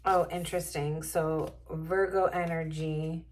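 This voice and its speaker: Slow, musing woman reading tarot. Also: low-pitched, flat delivery. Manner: musing, unhurried, thinks aloud. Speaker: tarot reader. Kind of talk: casual tarot reading to camera.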